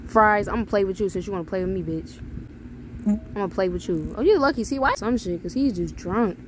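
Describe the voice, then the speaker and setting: A woman's voice: mid-range voice, brisk, slight background noise, low-quality recording. Sassy, profane young woman gamer. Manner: loud, profane, reacting and reading texts aloud with sass. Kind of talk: casual gameplay commentary.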